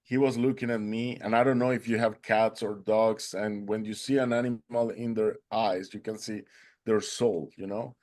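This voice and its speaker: A man earnestly telling a personal story, halting and restarting as he goes. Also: fairly low pitch, steady tone, darkish tone.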